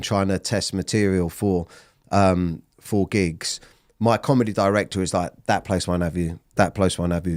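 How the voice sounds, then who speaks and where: A man in his thirties, a comedian, talking bluntly in an interview, swearing freely and often restarting his sentences. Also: deep voice. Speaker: comedian guest. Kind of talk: candid interview talk.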